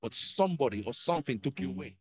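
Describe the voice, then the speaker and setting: A man's voice: mid-range voice, expressive, quick pace, low-quality recording. A male pastor giving an urgent, pleading altar call in church, with many repeated lines.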